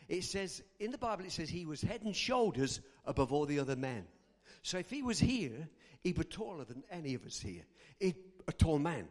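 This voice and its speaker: A man preaching a sermon, telling a story and acting out the characters' lines. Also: on the high side. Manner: animated, acts out characters' lines. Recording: long hall reverb.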